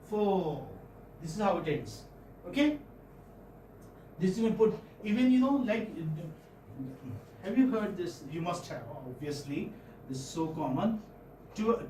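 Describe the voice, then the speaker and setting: A man with an Indian English accent teaching phonetics in a classroom, questioning students and repeating sounds slowly. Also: high-pitched, a little mellow, slight background noise. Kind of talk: classroom lecture. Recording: echoey classroom, far-off mic, faint ambience.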